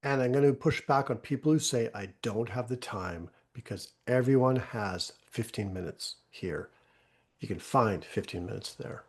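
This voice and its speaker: A man's voice: medium pitch, moderate pace, breathy edge. A man from the Canadian prairies hosting a podcast, chatty and joking as he interrupts with asides. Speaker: podcast host.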